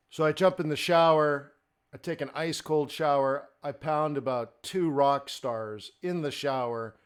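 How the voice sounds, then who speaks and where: A man's voice: mid-range voice, clear, resonant tone. A middle-aged man hosting a live forex trading stream, talking in a blunt, fired-up, ranting way.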